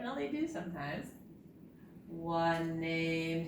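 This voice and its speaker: A woman's voice: fairly low pitch, expressive, takes it slowly, a bit bright. A woman librarian leading a preschool storytime, sing-song and playful, drawing out words for small children. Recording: distant, roomy, noisy recording.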